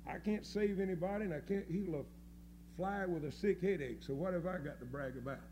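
A man preaching a fiery sermon, folksy and scornful, dropping to low mutters and rising to loud cries. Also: brisk, a little hiss or hum. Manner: folksy, scornful, with mocking quoted voices.

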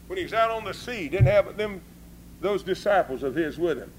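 A man preaching a sermon with folksy, informal grammar, swinging between hushed talk and fervent shouting. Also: sits high, expressive, brisk, a little hiss or hum, rough recording.

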